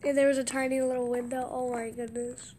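A woman giving casual game commentary in an excitable voice, gasping with surprise and dropping into hushed asides. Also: high-pitched, brisk, slight background noise. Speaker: gameplay commentator.

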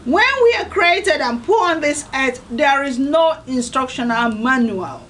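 A woman from Nigeria speaks with a high voice. She hosts a devotional video series in an earnest, emphatic way. She leans on repeated phrases for stress. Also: animated, unhurried, fairly bright tone, a little hiss or hum, rough recording. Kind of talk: motivational devotional talk.

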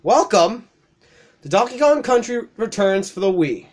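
A young man with a fairly high voice narrates his game in loose, profane commentary. He reacts loudly, swears freely and breaks into laughs as he plays. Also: measured pace. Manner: profane, excitable, laughs often. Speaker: let's play host.

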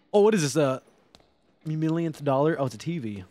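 Hyped up guy streaming a game, fairly high voice that swings all over, cursing a lot. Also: dry recording. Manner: excitable, loud swings, swearing and laughing. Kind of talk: casual live gameplay commentary.

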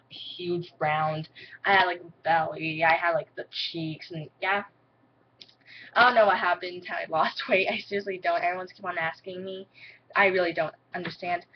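Rambling teen girl on lo-fi webcam. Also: lowish voice. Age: teens. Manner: rambling, filler-heavy, excitable. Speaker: vlogger. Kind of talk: casual chat to camera. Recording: dull lo-fi webcam audio with faint noise.

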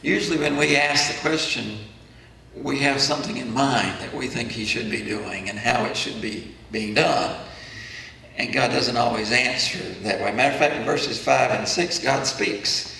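A man's voice: medium pitch, normal speed, creaky, bright, forceful tone, slight background noise. A man preaching an earnest sermon as pastor, voicing the questions of the faithful. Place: church sanctuary. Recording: echoey church room from far off.

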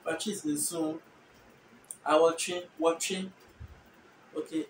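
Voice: medium pitch, fairly even intonation, takes it slowly, long pauses. Ghanaian-accented host explaining from across an echoey room. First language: Efutu (Guan). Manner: thinks aloud, self-correcting, hedging asides. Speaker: host explaining language differences. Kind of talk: casual educational explainer. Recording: echoey room, distant mic, faint noise.

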